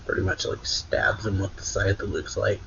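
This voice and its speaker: A man's voice: lowish voice, monotone, moderate pace, gravelly, a bit bright, highs cut off, a little hiss or hum. A man casually recapping a manga chapter as a reviewer, in a loose, rambling way with lots of fillers.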